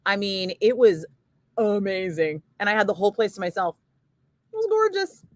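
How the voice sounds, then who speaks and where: A woman's voice: mid-range voice, sing-song, moderate pace, a little mellow, slight background noise. A woman radio DJ telling a rambling story in casual on-air chat, full of filler words. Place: radio studio.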